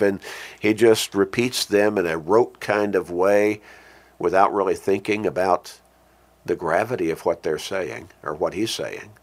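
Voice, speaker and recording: Earnest male preacher. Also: on the low side. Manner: slows and lifts his voice when quoting scripture; earnest, repeats key phrases for emphasis. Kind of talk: sermon.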